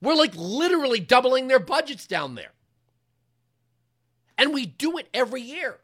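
Fiery, high-voiced man ranting on air. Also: very animated, normal speed. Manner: impassioned, emphatic, rises to yelling. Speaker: talk show host. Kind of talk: political commentary monologue.

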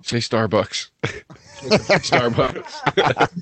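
A man's voice: medium pitch, animated, extremely slow, fairly bright tone. A man, a guest comedian, telling a story in profane, exasperated casual banter.

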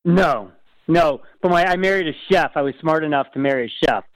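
An easygoing man as a guest in a casual chat, self-deprecating and quick to laugh. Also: fairly high pitch, dry recording, rough recording.

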